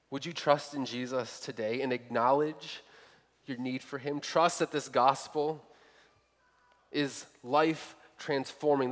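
A man's voice: mid-range voice, fairly bright tone. A man preaching a sermon as pastor, earnestly asking his listeners questions. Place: church sanctuary. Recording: long hall reverb.

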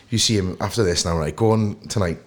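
A man with a Welsh accent and a very low voice chats as a podcast guest. He tells his stories with animation, acting out the bits as he goes. He sounds like someone in his thirties. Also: fast talker. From Wales. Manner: animated storyteller who acts out anecdotes. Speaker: actor guest. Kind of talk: casual podcast interview.

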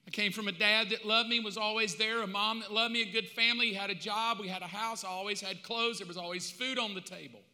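Guy preaching in a big echoey church, high bright voice, gets loud then goes real quiet. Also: fairly even intonation, quick pace, few pauses. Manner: emphatic, swings from loud to hushed, conversational. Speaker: pastor. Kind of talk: sermon. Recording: long hall reverb.

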